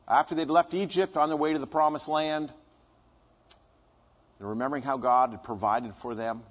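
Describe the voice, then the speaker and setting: A man's voice: medium pitch, steady tone, moderate pace, highs cut off. A man preaching a conversational sermon, asking his congregation questions and answering them himself.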